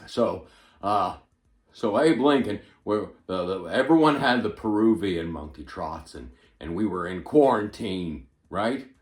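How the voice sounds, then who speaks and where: A male comedian doing an impression of a rambling, forgetful elderly male politician, stumbling over repeated words with sudden loud bursts. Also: lowish voice, animated, a little slow, echoey room. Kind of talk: stand-up impression monologue.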